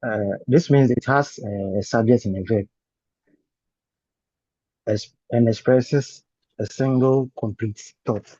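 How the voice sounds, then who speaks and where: A man gives short, polite answers to his lecturer in an online class. His voice is husky and mellow. The call audio is dry and muffled. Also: medium pitch, slow pace, pauses often, dry recording. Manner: polite, brief answers, says madam. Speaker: student.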